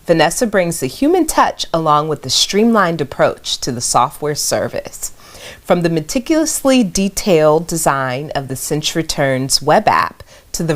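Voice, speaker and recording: A woman co-hosting a podcast, playful and fond of coining her own phrases, chatting and reading out a guest's bio. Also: low voice. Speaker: podcast co-host.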